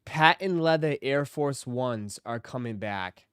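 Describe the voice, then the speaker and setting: A man's voice: mid-range voice, animated, takes it slowly, a bit bright, clean tone, no room sound, studio quality. A man hosting a casual live stream, reacting to clips with frequent laughter and playful remarks. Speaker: livestream host.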